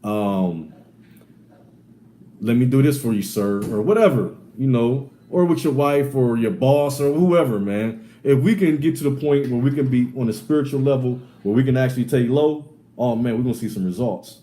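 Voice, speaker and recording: Guy teaching bible stuff, warm low-key tone, keeps saying man, punchy and repetitive, a little room noise. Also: a little fast, few pauses. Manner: emphatic, repetitive, says "man" often; swings between loud sarcastic bursts and low asides. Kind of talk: street-style Bible teaching.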